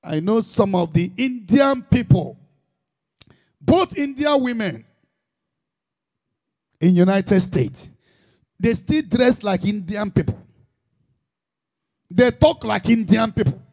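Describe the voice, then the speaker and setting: A man's voice: high-pitched, expressive, slow, pauses often, a little mellow. A man preaching an impassioned sermon in Igbo-accented Nigerian English, dropping in Igbo phrases.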